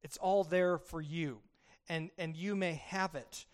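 A pastor preaching an expository sermon, earnest, rising to emphatic peaks and dropping to soft, quiet pleas. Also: male voice, on the high side, steady tone, a little slow, clean tone.

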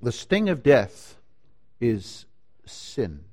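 Preaching slow and emphatic, this pastor's mid-range voice swoops wildly in pitch, climbing into loud declarations before falling to quiet, hushed lines.

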